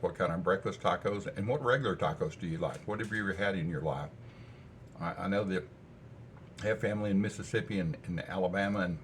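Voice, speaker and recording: A man's voice: sits low, a little hiss or hum. An older man chatting casually in a homey, folksy way while cooking and tasting food in his home kitchen. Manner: easygoing, folksy, rambling. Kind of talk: casual cooking vlog chat.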